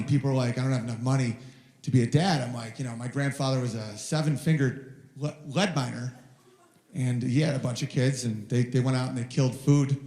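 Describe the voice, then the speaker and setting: A man in his thirties doing a rambling stand-up comedy set on stage, telling stories about his toddler and shouting the child's lines in a high voice. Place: live venue with audience. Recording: roomy live venue sound.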